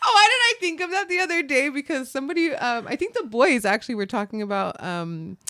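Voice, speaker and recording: A woman's voice: sits high, big pitch swings, fast, no echo, studio quality. Laughing, chatty young woman. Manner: chatty, laughs often, trails off softer when reflective. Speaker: podcast co-host. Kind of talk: casual chat.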